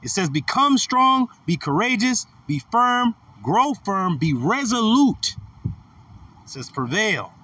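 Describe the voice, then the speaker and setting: A man's voice: high-pitched, big pitch swings, takes it slowly, pushed and bright. A man leading an informal bible study, teaching with slangy asides and laughter. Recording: distant mic with light noise.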